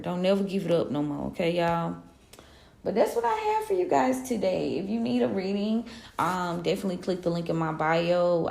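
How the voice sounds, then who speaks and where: A woman's voice: lowish voice, vocal fry, darkish tone, reverberant. A woman giving a casual collective tarot reading, talking in a loose, slangy pep-talk way. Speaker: tarot reader.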